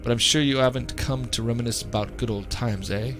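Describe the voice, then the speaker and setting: A man's voice: mid-range voice, fairly even intonation, fairly bright tone, lightly acted. A man voicing a corpulent, scarred middle-aged merchant who talks bluntly and in slang, with faint music behind. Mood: sly. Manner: blunt, slangy, slow drawl.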